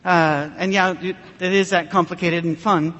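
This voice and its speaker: A man's voice: high voice, steady tone, normal speed, fairly bright tone, long reverb tail, lo-fi sound. A man preaching a humorous sermon, telling stories in a dry way and acting out the people in them. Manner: dry storytelling with mock dialogue.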